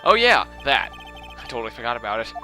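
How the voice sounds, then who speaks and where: A man's voice: mid-range voice, sing-song, fast, bright, forceful tone, faint music behind. A man casually commenting while playing a courtroom game, joking in offhand asides. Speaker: let's play narrator.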